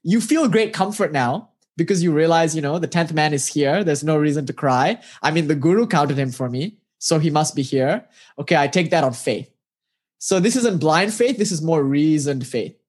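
A spiritual teacher delivers a parable-based talk in a casual, animated way, full of fillers and frequent rhetorical questions aimed at the listener. The voice is mid-range and slightly rough, moving at a normal pace.

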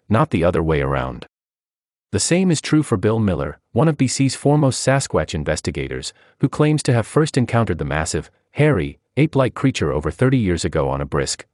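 A man reading a feature article aloud as scripted narration, in an expressive storytelling manner. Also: low-pitched, no room sound, studio quality.

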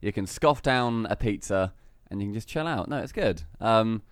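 A man hosts a podcast in loose, cheeky banter. His pitch swings about a lot as he talks. The sound is dry and close to the mic. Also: moderate pace, clear, resonant tone, no room sound. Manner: cheeky, lively banter with swearing. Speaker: podcast host. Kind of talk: casual podcast chat.

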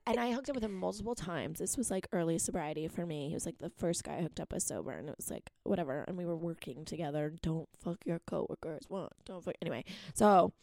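A woman's voice: lowish voice, quick pace, creaky, hardly any pauses, no echo. A young woman co-hosting a podcast, telling brash, profane stories in casual chat. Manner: brash, loud, profane storytelling. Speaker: podcast co-host.

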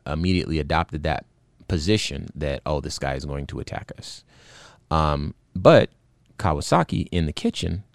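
A man's voice: rumbling low, no echo. A man hosting a show, recounting a video in earnest, indignant commentary with many fillers and restarts. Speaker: podcast host.

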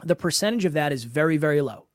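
A man's voice: a little high, lively intonation, fast talker, no room sound, studio quality. Emphatic man hosting a podcast. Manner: emphatic, repeats words for stress. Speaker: podcast host and coach. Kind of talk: solo podcast monologue.

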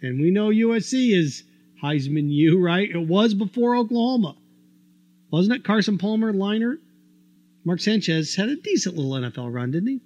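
A man's voice: high-pitched, moderate pace, no echo, muffled recording. A man hosting a sports talk show, delivering an opinionated monologue full of rhetorical questions. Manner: argumentative, rhetorical questions, animated.

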